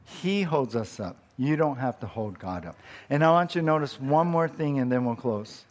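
A man's voice: mid-range voice, animated, a little fast. A middle-aged man preaching a sermon as pastor, earnest and emphatic, repeating his key phrases for weight.

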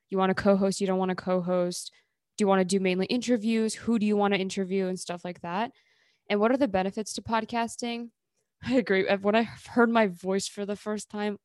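A woman who runs her own interview podcast answers questions in a loose, rambling way, full of "like" and restarts. Her voice is mid-pitched and recorded dry and close, with no room sound. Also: no room sound. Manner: rambling, many fillers and self-corrections. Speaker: solo podcast host, interview guest.

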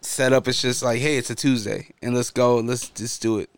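A man's voice: medium pitch, steady tone, normal speed, smooth, no echo. A man appearing as a podcast guest, laid-back in casual chat and swearing casually.

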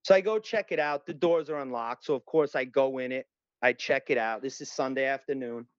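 A middle-aged man, telling a story in an animated, profane way and acting out other voices. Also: mid-range voice, brisk, dry recording, muffled recording. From Long Island, New York. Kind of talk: casual storytelling.

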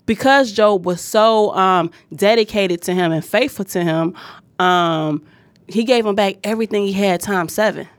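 A woman's voice: medium pitch, moderate pace, no room sound. Blunt, profane woman preaching casually. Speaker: podcast co-host. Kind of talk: casual podcast chat.

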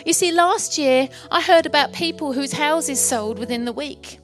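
A woman's voice: high voice, moderate pace, faint music behind. A middle-aged woman from England preaching a sermon as pastor, impassioned and rousing, acting out the voices in her story.

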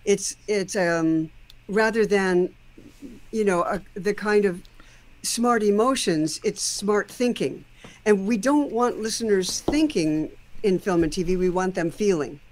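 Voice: mid-range voice, a little slow, darkish tone. A host giving a casual, thoughtful critique of a song's lyrics, explaining at length and now and then singing a line or two.

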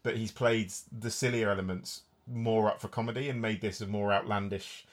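A man's voice: fairly low pitch, fairly even intonation, normal speed. A man hosting a casual film review chat, rambling and restarting his sentences as he talks. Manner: chatty, rambling, frequent restarts. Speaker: film podcast host.

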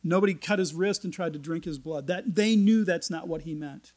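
With a slightly high, darkish voice and a brisk pace, a pastor reads scripture aloud during his sermon. He explains the passages in a conversational way, adding folksy jokes along the way.

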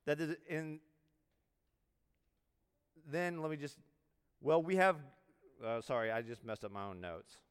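A man's voice: a little high, unhurried, long pauses, smooth. Conversational male chaplain preaching in a hall. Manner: conversational preaching with quoted dialogue and restarts. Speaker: military chaplain. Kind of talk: sermon.

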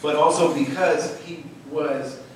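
A man telling a story with passion, animated and emphatic, stressing his words by repeating them. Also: a little high, slow. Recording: echoey room, from far off, faint noise.

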